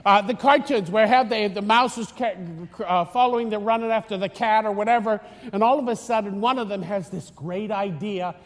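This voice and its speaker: In a Florida church full of long reverb, a priest with a high voice speaks at a moderate pace with hardly any pauses. His homily is chatty and teasing, rambling with frequent restarts.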